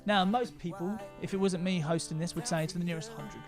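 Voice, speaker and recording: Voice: medium pitch, brisk, over music. A quiz host on a casual livestream, teasing and joking between questions.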